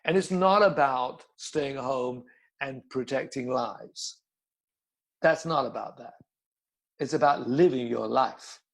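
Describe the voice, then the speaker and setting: A man's voice: mid-range voice, slow, vocal fry, low-quality recording. An older man, a yoga teacher, telling stories bluntly in a casual interview, swearing and repeating words.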